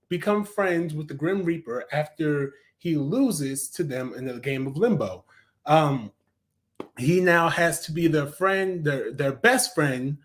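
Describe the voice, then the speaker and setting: A young adult man giving a casual, enthusiastic spoken review of a cartoon, chatty, with frequent fillers and self-corrections. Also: on the high side.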